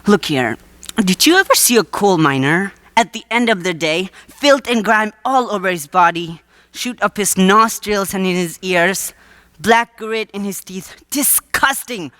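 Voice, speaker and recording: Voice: mid-range voice, unhurried, pushed and bright, dry recording. A teenage student actor playing a wheedling male waterfront huckster in a live school stage play, with a theatrical salesman's patter.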